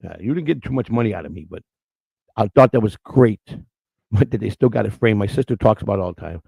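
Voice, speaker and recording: Livestream host, middle-aged man, gravelly and quick, crude storyteller. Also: fairly low pitch, animated, dark tone, no echo. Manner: rambling, storytelling, crude and emotional. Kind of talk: casual chat with the live chat.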